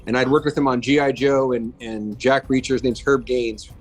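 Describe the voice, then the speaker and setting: A man's voice: mid-range voice, steady tone, normal speed, husky, poor audio. A man in his fifties, a guest in a casual interview, telling stories about his work in a chatty way with many fillers and restarts. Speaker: guest, makeup effects artist.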